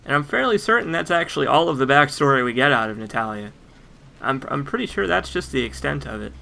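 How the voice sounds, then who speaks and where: A man's voice: mid-range voice, animated, fast, gravelly, pushed and bright, a little hiss or hum. A man giving casual let's play game commentary with wry, joking asides.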